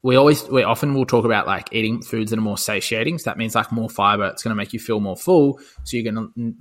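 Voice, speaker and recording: A man's voice: lowish voice, sharp tone. A young man co-hosting a podcast, chatting casually in a rambling way, swearing freely and full of fillers and restarts. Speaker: podcast co-host. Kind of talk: casual chat.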